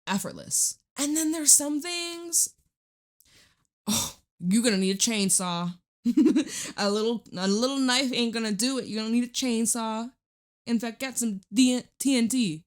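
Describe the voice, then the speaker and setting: A woman's voice: on the high side, measured pace. A woman giving a casual tarot reading at home into a microphone, chatty and blunt, swearing and laughing often. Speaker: tarot reader. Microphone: studio microphone.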